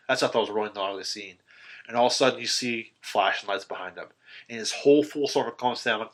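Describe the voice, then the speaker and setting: A man on a podcast excitedly retelling a horror film's ending in casual, profanity-laced chat, full of ums and restarts. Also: lowish voice, fast talker. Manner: animated retelling, swearing, filler-heavy. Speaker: podcast host. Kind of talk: casual film recap chat.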